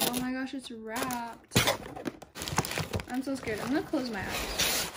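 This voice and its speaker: A young woman filming an unboxing vlog, excited and gushing, sometimes dropping to a whisper. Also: a little high, moderate pace, long pauses, heavy background noise. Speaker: YouTuber.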